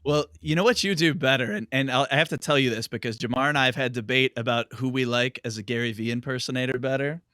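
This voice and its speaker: A man's voice: mid-range voice, quick pace, hardly any pauses, pushed and bright, no room sound. Man, podcast co-host, enthusiastic, casual chat, dry close sound. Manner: enthusiastic, complimenting.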